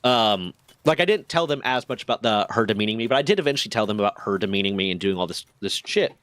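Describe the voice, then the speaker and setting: A man streaming, telling a long story in a casual, animated and profane way. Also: fast, no echo. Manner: profane, animated, shifts pitch a lot.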